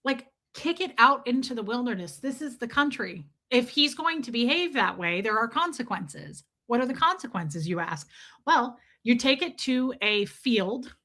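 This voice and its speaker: A woman's voice: on the high side, expressive, moderate pace, sharp tone. A woman streamer telling a story as a comedic, profane rant. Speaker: live streamer.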